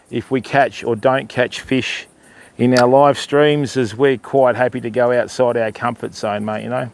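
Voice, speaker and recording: An older Australian man chatting casually on a riverside fishing livestream, answering viewers and calling them mate and bud. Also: mid-range voice. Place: outdoors by a river.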